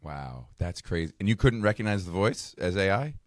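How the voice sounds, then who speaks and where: Low-voiced male co-host with quick quips. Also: lively intonation, no echo, clean studio sound. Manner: quips and short interjections. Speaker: podcast co-host. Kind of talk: casual chat.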